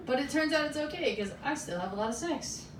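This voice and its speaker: A woman's voice: sits high, expressive, quick pace. Brash American woman comic, roomy club. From Alaska, USA. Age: 30s. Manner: brash, profane, confiding with the crowd. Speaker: stand-up comedian. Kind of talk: stand-up comedy set. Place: comedy club stage. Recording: roomy club sound from a distance, audience audible.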